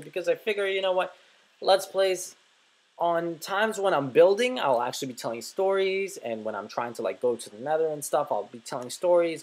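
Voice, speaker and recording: A man's voice: medium pitch, a little mellow, rough recording. A young man from North America giving casual gameplay commentary, rambling into stories with lots of fillers and casual swearing. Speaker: let's play host.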